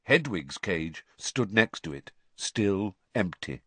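A man reading an audiobook narration in an expressive storytelling manner. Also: low voice, takes it slowly, hardly any pauses, husky, dry recording.

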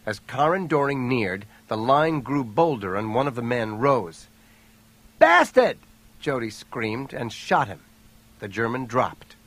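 A man narrating an audiobook thriller in a steady, even storytelling voice. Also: medium pitch, measured pace. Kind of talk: scripted narration.

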